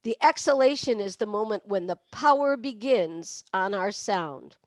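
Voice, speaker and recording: During an online voice lesson, a woman vocal coach teaches breathing for singing, demonstrating with barks, meows and sung laughs. Her medium-pitched voice is expressive and unhurried, captured in a dry recording.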